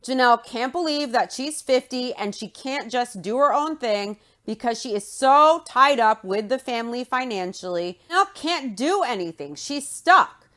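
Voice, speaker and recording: A woman with a somewhat high voice runs through a reality TV episode in her own commentary. She is blunt and indignant, throwing in sarcastic jabs as she goes. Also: expressive, moderate pace, few pauses, fairly bright tone. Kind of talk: opinionated recap commentary.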